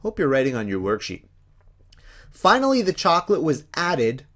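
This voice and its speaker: A man teaching a punctuation lesson, explaining step by step in an animated, playful way. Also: on the high side, normal speed. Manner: animated, playful, acts out examples.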